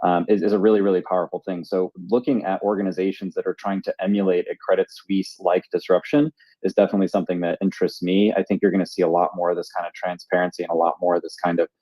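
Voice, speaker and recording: Low, mellow-voiced man chatting. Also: flat delivery, quick pace, no room sound. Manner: rambling, many fillers and restarts. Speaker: podcast co-host. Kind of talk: casual panel chat.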